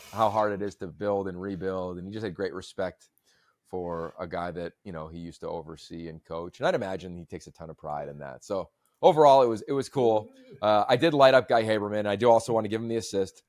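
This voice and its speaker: Male podcast host, low-pitched, dry recording, long-winded storyteller. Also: brisk, darkish tone, no room sound. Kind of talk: casual chat.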